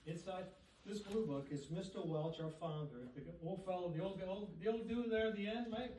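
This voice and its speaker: A middle-aged or older man giving an animated talk at a society dinner, asking the audience questions. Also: sits high, brisk, a little hiss or hum. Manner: animated, asks the room questions. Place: banquet room with audience. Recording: echoey room, speaker far from mic.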